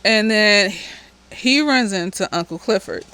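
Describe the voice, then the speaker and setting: A woman's voice: mid-range voice, animated, a little slow, pushed and bright, clear, resonant tone, rough recording. A woman therapist, slightly tipsy, giving a casual, blunt and profane recap of a TV episode with chatty asides.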